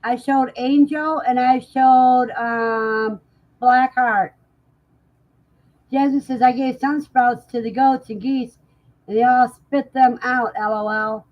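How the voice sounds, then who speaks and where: Woman, livestream host, casual chat, unhurried, laughs often, slightly dull sound. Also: sits high, fairly even intonation. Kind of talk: casual chat, reading out live comments.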